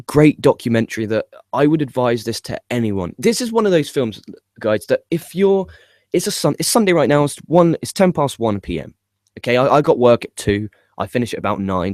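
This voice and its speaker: A young man with an excitable manner, swearing often, stumbling and repeating words as he gives his opinions. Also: medium pitch, no room sound, clean studio sound. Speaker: wrestling podcast host. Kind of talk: casual video commentary.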